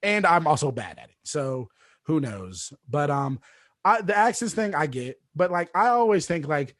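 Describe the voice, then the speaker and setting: Brief: male podcast host, slightly high voice, halting and self-deprecating, dry close recording. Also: sing-song, a bit bright, no echo. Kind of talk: casual podcast chat.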